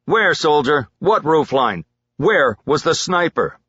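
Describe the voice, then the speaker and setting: A man voicing a gruff army sergeant who barks profane orders at his soldiers. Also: a little high, sing-song, slow pace, fairly bright tone, no echo, highs cut off, voice pushed up, full character voice. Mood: yelling.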